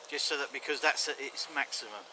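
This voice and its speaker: A man's voice: mid-range voice, brisk. A man in the woods explaining his hammock gear to a friend, earnest and a bit stammering. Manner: earnest, technical, stammering restarts. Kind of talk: casual explaining chat. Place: outdoors in woodland. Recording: outdoor noise behind.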